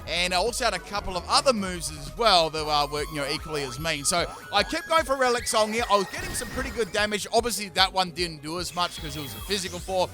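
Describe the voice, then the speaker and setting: A man's voice: sits high, animated, quick pace, few pauses, music in the background. A young man hosting a gaming channel, giving chatty, joking commentary over his battles. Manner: chatty, joking, self-mocking asides. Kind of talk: casual game commentary voice-over.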